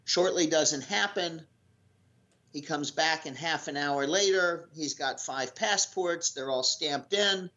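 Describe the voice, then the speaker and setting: A man's voice: fairly high pitch, takes it slowly. Rambling storyteller man on lo-fi audio. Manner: animated storyteller, rambling with fillers and restarts. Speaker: guest telling a sailing story. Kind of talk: casual anecdote. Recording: lo-fi dull audio.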